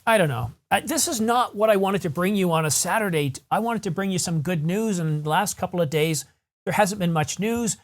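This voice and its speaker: A man's voice: high voice, a little fast. A man hosting a camera news channel, ranting in a frustrated, rambling way and correcting himself as he talks. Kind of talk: solo vlog rant.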